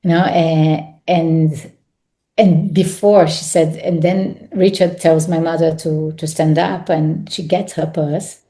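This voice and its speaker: A woman's voice: sits low, steady tone, slow pace, mellow. A woman with an Italian accent, a guest on an interview podcast, speaking reflectively with hesitant, restarted phrases. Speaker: actress and guest.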